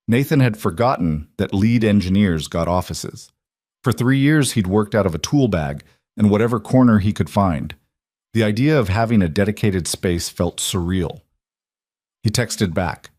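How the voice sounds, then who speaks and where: A man giving steady, measured scripted story narration. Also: on the low side, no echo, studio quality.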